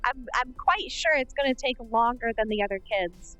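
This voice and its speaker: A woman streamer in casual chat during a VR roleplay, thinking out loud in a thoughtful way. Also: a little high, normal speed, no echo, highs cut off, soft background music.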